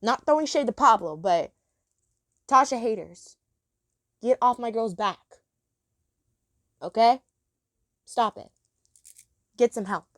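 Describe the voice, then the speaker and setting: A woman's voice: fairly high pitch, lively intonation, slow, pauses often, a bit bright, no room sound, clean studio sound. A woman reviewing a cartoon episode in a chatty, rambling monologue, gushing about the characters.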